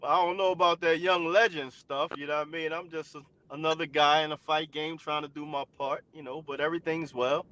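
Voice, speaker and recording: A man's voice: fairly high pitch, steady tone, brisk, hardly any pauses, bright, forceful tone, smooth. A middle-aged man from New Jersey, a boxing trainer, telling his story as a podcast guest. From New Jersey, USA. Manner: reflective, storytelling. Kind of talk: podcast interview.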